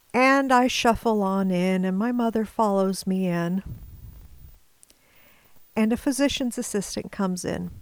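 Slow, deliberate woman storyteller. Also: mid-range voice, darkish tone, no room sound, low-quality recording. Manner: measured, deliberate, at times dropping to a whisper. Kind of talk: personal storytelling.

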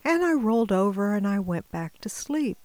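A woman telling a personal story in a measured, deliberate way, now and then dropping to a whisper. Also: mid-range voice, very animated, darkish tone, no room sound, low-quality recording.

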